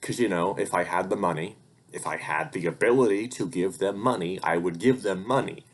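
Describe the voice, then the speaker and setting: Low-voiced young man ranting casually. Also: fairly quick. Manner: rambling and profane, gets heated when venting. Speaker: vlogger and hobby voice actor. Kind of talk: casual life-update rant.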